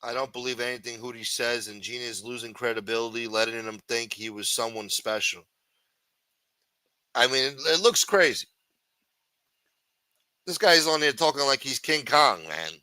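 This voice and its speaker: A man's voice: medium pitch, normal speed, pauses often, sharp tone, dry recording. A man hosting a live stream, ranting and swearing constantly in an irritated, complaining way. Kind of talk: casual profane rant reacting to a stream.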